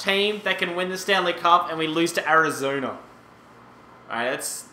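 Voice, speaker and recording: A young man in his late twenties with a very bright, sharp voice talks over a hockey management sim. He rambles casually and bursts into exclamations. The sound bounces around an echoey room with a faint hum behind him. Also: a little high, normal speed. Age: 20s. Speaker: gaming YouTuber. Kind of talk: casual gameplay commentary.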